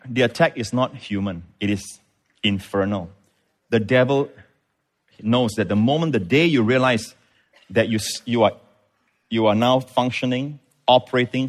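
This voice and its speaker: A middle-aged pastor preaches with emphasis. He repeats words as he builds a point and calls on his congregation for amens. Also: mid-range voice. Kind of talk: sermon.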